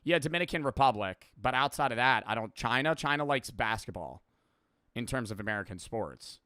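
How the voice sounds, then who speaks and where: A man's voice: mid-range voice, expressive, fairly quick, sharp tone, smooth, dry recording, clean studio sound. A man streaming and reacting to a video in casual, profane, rambling talk with lots of fillers.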